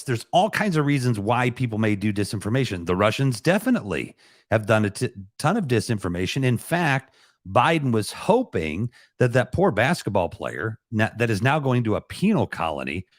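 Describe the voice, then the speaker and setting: A man's voice: lowish voice, no echo, clean studio sound. A man talking in a joking, rambling way as co-host of an online talk show. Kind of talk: casual chat.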